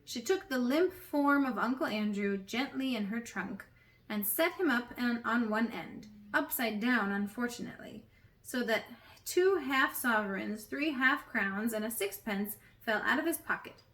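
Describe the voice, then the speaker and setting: A woman narrating a storybook aloud in a gentle, measured way. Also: on the high side, expressive. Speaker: audiobook reader.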